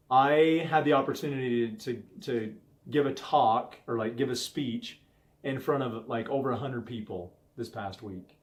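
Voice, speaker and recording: A man in his thirties hosting a casual talk, telling a story from his home life in an earnest, conversational way. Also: mid-range voice. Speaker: host. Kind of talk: casual talk on stress management.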